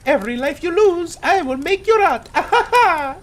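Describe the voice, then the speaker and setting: A man voicing a cursed male video game plumber who speaks in a squeaky, cackling, menacing voice. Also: animated, moderate pace. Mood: gloating.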